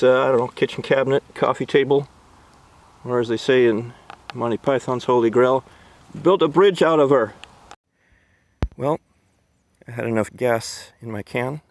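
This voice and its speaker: A man's voice: mid-range voice, gravelly. A man hosting a casual outdoor video, chatting to viewers in a folksy way as he works. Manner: chatty, folksy, talks to viewers while working. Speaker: video host. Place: outdoors at a log-milling site.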